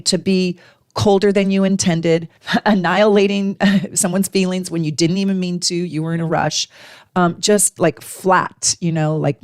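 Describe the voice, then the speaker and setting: A woman in her forties, an astrologer host, talking casually to camera with emphatic, animated delivery. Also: dry recording, clean studio sound. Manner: emphatic, animated, acts out little dialogues in a higher voice.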